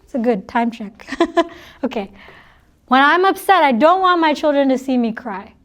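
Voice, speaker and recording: Laughing, chatty woman with a high voice. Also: expressive, normal speed, a bit bright. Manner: chatty, laughs often, jokes with the audience. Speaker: spiritual talk speaker. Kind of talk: informal spiritual talk to an audience.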